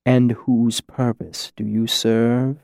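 A menacing shadowy lord speaks softly and very slowly, each word placed with patience, as a man reads him. His voice is low and gravelly. The recording is close and dry. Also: flat delivery, no echo. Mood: cold, patient. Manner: slow, soft, carefully measured menace.

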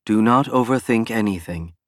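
Calm alien pilot, low steady voice, read by a man narrating. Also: dry recording, clean studio sound, lightly acted. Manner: measured, reassuring.

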